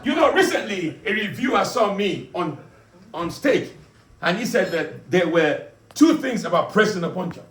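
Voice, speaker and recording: Heavily acted and sing-song at a normal speed, this stand-up comedian's act casts him as a bombastic, bragging African dictator who lectures and mocks the audience in a booming, commanding voice. The pub room echoes, the mic is distant, and the crowd is loud.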